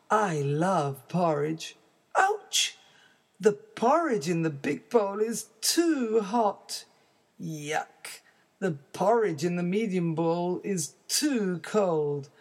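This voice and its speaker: A woman's voice: on the low side, darkish tone, heavily acted. A woman voicing a curious, fussy little girl who exclaims about everything in a storybook reading. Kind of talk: storybook read-aloud.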